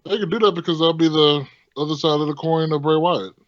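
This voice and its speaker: A man's voice: a little high, steady tone, a little fast, no room sound, muffled recording. A man co-hosting a casual wrestling podcast, blunt and opinionated, swearing casually. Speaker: podcast co-host.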